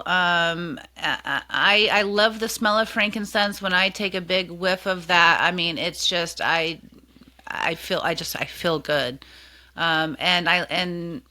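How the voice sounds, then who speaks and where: A woman clinician co-hosting a casual health podcast, chatty with many fillers and lively retellings. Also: lowish voice. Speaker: co-host and clinician.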